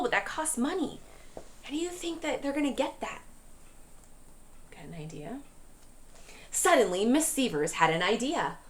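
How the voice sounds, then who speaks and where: A woman teacher reading a storybook aloud to a class, pausing to ask questions. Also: fairly high pitch. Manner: questioning, expressive.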